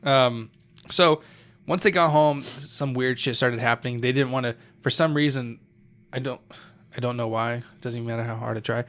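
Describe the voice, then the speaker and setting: A man's voice: mid-range voice, normal speed, a bit bright. A young man co-hosting a podcast, telling a story in loose casual chat, swearing often, laughing and losing his thread.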